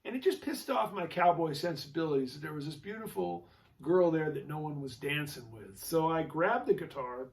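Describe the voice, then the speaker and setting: A man's voice: on the high side, animated, normal speed. Chatty man rambling from a distance. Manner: rambling, chatty, with many fillers and restarts. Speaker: show host, jazz guitarist. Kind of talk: casual storytelling monologue.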